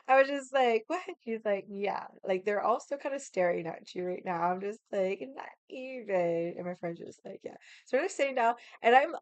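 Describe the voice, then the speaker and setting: A woman with a raspy voice from losing it, telling a casual story with lots of fillers, acted quotes and loud laughs. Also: a little high, lively intonation, normal speed, no room sound. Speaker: vlogger.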